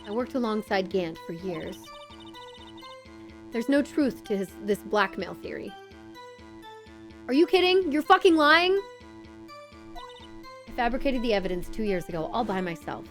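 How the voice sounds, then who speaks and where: A cold, reserved chief prosecutor gives measured, stiff answers in a low, guarded tone, as a woman streamer reads her lines. She keeps her voice flat and controlled. It is game dialogue read live. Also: over music, natural voice. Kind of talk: reading game dialogue aloud.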